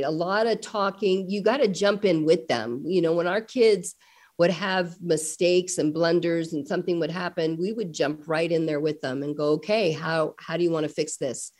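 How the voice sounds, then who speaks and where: A middle-aged woman, a parent guest in an interview, telling family stories with lively acted-out dialogue. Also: on the low side. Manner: animated storyteller acting out family dialogue. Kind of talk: conversational interview storytelling.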